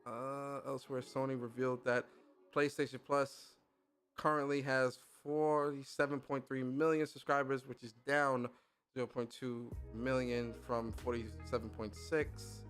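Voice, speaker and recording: A man hosting a gaming podcast who reads out industry news and reacts to it in casual, animated, profane commentary, laughing often. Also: mid-range voice, measured pace, faint music behind.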